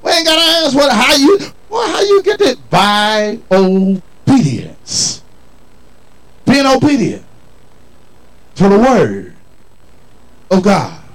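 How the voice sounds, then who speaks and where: Male preacher, high and expressive, emphatic colloquial sermon delivery. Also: poor audio. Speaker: pastor.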